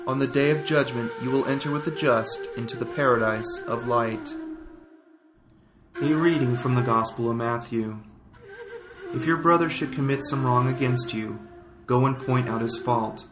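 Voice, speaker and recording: A man reading scripture and prayers as a liturgical reader, in solemn, measured phrases. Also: medium pitch. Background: flute music.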